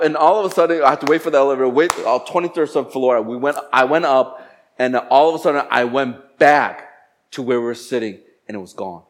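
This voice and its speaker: A man with a slightly higher-than-usual voice tells a personal story in a casual, lively way. He acts out each exchange, and his voice leaps up high and loud when he plays the other people. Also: a little fast. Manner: animated, acts out dialogue with jumps in pitch and loudness.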